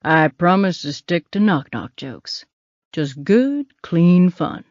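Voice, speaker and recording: A man's voice: sits high, very animated, slow pace, no room sound, highs cut off, exaggerated voice. A woman voicing a teasing, wry older man who is a hospital patient.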